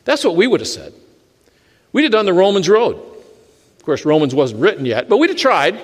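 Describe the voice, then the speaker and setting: A man preaching a sermon in a church, animated and dropping in dry humor. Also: high voice, normal speed, pauses often, long reverb tail. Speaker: pastor.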